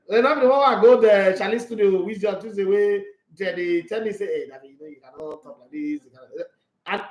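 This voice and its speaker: An animated man with a Nigerian accent chats through a casual sports live stream, reading viewer comments aloud and teasing them. His voice sits a little high for a man, and the room adds a clear echo. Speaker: sports channel host.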